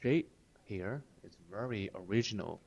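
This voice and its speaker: A man's voice: on the low side, lively intonation, normal speed, gravelly, darkish tone, husky, highs cut off. A man teaching Chinese phrases in English, explaining a TV clip line by line, often repeating words and checking with "right?".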